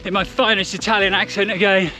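A man with a noticeably high voice gives chatty, upbeat running commentary for his vlog. He talks on the move, outdoors on mountain trails during a race, with faint music behind him. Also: flat delivery, quick pace, sharp tone.

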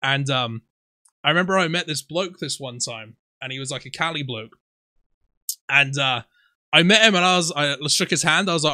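A young man with a rural Somerset West Country accent chats on a podcast, spinning animated stories and swearing without a second thought. His voice is bright and forceful, recorded close and dry. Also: on the high side, a little fast, dry recording. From Somerset, England. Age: 20s. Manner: animated storyteller, swears freely, laughs often. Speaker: podcast co-host. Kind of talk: casual chat.

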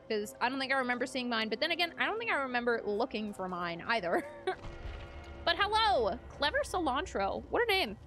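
Young woman gaming on stream, high voice, laughs a lot, chats w/ viewers, bit of music in back. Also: a bit bright. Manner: chatty, giggly, reads and greets chat. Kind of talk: casual live-stream chat while gaming.

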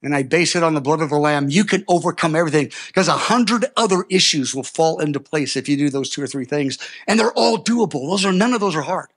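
An older man preaching a sermon, telling personal stories in an animated way, with sudden loud peaks. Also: a little high, quick pace, hardly any pauses.

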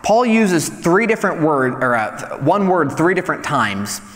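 A man's voice: on the high side, unhurried. Man preaching in a reverberant hall. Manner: relaxed, storytelling, self-deprecating humor. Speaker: young adults pastor. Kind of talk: conversational sermon. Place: church hall.

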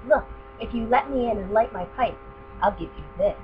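Casting: woman doing a sly greedy old storybook witch, coaxing and low, tinny lo-fi with hum. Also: moderate pace, close to an everyday voice.

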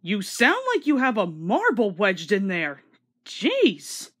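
Female commentary host, wisecracking and sarcastic, animated voice. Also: medium pitch, slow. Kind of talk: casual video commentary.

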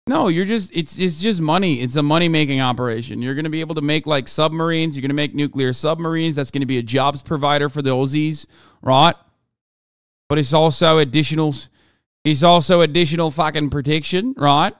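Dude streamer ranting about politics, swears a lot, smooth voice, dry close mic. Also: male voice, on the high side, a little fast, no echo. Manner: animated, profane, reads chat aloud. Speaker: streamer reacting to news. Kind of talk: casual political commentary.

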